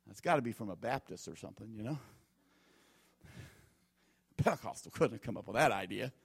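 A man's voice: fairly low pitch, lively intonation, fairly quick, creaky, slightly rough, no room sound. A man preaching a sermon as pastor, telling folksy stories and repeating his warnings with emphasis.

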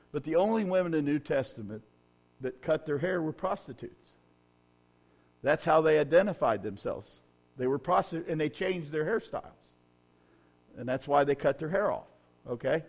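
A man preaching a sermon, telling humorous, folksy stories and rising to loud, emphatic peaks. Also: a little high, animated, normal speed, long pauses. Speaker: pastor.

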